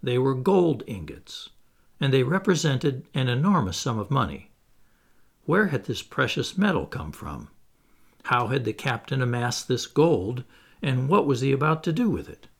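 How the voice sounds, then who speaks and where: A man narrating a classic novel in the first person as an audiobook, in a measured, expressive storytelling manner. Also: medium pitch, vocal fry, husky.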